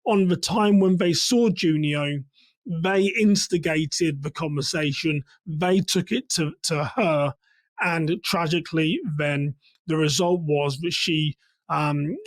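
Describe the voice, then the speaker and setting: A man from England giving measured, instructive commentary on a church security case as a trainer. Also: a little high, no room sound.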